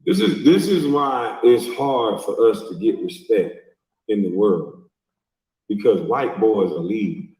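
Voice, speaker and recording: A man's voice: on the low side, animated, a little slow, a little mellow, distant mic. A middle-aged man hosting a livestream, ranting and mocking in a profane, scolding way. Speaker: livestream host. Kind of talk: heated reaction rant. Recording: echoey, from off-mic.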